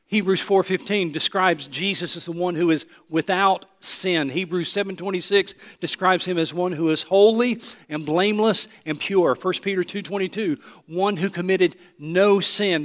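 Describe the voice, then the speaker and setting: A man preaching a sermon, emphatic and repeating his phrases, sometimes dropping to a hushed voice. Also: high voice. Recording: long hall reverb.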